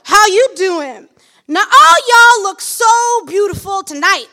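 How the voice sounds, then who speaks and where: A woman performing a brash male street catcaller in a spoken-word poem, loud and coaxing, calling out in a sing-song voice. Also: extremely high pitch, animated, unhurried, pitched above the performer's own voice, exaggerated voice. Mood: flirtatious.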